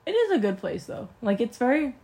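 Young woman from Utah, slightly high voice, rambling podcast co-host. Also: big pitch swings, brisk, creaky, warm tone, slightly rough. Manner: rambling, filler-heavy. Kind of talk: casual chat.

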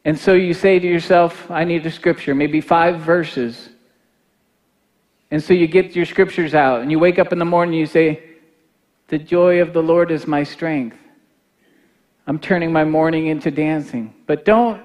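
A middle-aged male pastor with a notably high voice delivers a sermon. He starts with a relaxed, chatty story, then rises into passionate, rousing exhortation. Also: normal speed. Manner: storytelling, building to fervent shouted exhortation.

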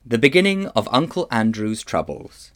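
A man reading a children's novel aloud in an expressive storytelling manner. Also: medium pitch, moderate pace. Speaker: children's book reader.

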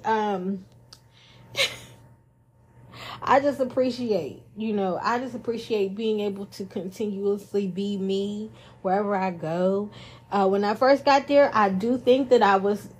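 A woman's voice: mid-range voice, slow pace, slightly rough. A woman hosting a podcast in casual chat, playful and jokey, talking into a studio microphone. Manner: playful, jokey, self-praising. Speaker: podcast host.

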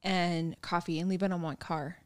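A woman's voice: fairly low pitch, moderate pace, no echo, studio quality. A young woman co-hosting a casual podcast, recounting a story candidly and profanely. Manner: candid, profane, animated retelling.

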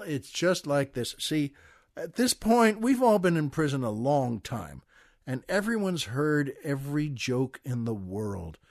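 An older American man hosting a comedy show, telling a long joke with folksy, chuckling asides in a relaxed way. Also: on the high side, no echo, studio quality. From United States. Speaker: podcast host. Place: studio.

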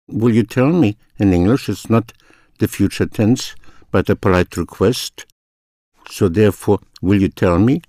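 Slow, deliberate older male teacher. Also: lowish voice, a little mellow, no room sound, studio quality. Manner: slow, deliberate, repeats phrases for the learner. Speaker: language teacher. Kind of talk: recorded language lesson.

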